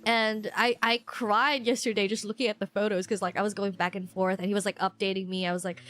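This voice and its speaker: A woman's voice: medium pitch, a bit bright. A young woman streamer chatting casually while gaming, rambling and openly emotional, with many fillers and restarts. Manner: openly emotional, quick to gush. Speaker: live streamer.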